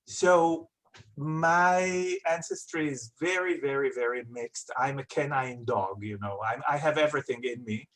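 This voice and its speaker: A man, a guest telling lively stories in an interview, repeating words for emphasis and making playful asides. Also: mid-range voice, measured pace. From Israel. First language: Hebrew. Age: 50s. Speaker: guest chef and author. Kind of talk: casual interview talk.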